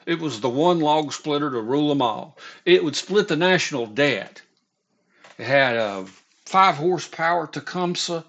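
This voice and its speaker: Man, casual storyteller, slow drawl, rambling and profane, halting restarts, dull lo-fi recording. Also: mid-range voice, a bit bright.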